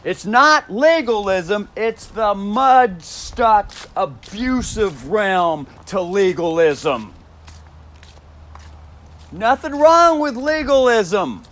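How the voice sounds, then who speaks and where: A man's voice: high voice, very animated, very slow, fairly bright tone. A man in a rambling solo monologue, profane and emphatic, repeating phrases and stressing single words.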